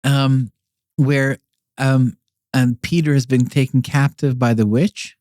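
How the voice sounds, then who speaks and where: Mellow-voiced man rambling in a chat. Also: mid-range voice, steady tone, takes it slowly, dry recording, clean studio sound. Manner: rambling, with many fillers and repeated restarts. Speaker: podcast guest. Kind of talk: casual explanatory conversation.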